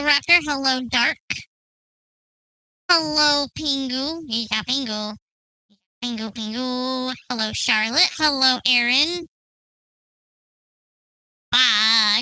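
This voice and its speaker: A woman's voice: sits high, sharp tone, no room sound, low-quality recording. A woman streaming at home with a cat on her lap, chatting playfully and greeting her viewers one by one. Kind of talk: casual live-stream chat.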